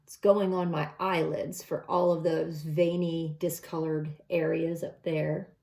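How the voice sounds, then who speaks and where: A woman's voice: low voice, flat delivery, unhurried, vocal fry, a little mellow. A middle-aged woman talking through a makeup tutorial step by step in a casual, chatty way. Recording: echoey room.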